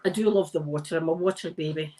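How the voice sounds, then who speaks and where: A woman's voice: low-pitched, fast talker, mellow, a little hiss or hum, poor audio. A Scottish woman chatting on a live stream while she irons, telling rambling stories and laughing often. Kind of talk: casual chat while ironing.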